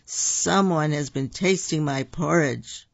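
A storyteller voicing a big, gruff papa bear who speaks slowly and heavily. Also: mid-range voice, dry recording. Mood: grumbling. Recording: dull lo-fi recording.

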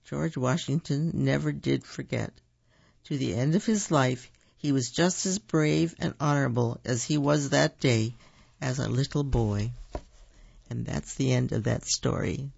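Husky-voiced man reading children's stories. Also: mid-range voice, measured pace, a little mellow, no echo, muffled recording. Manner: unpolished, corrects his own slips. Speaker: storyteller.

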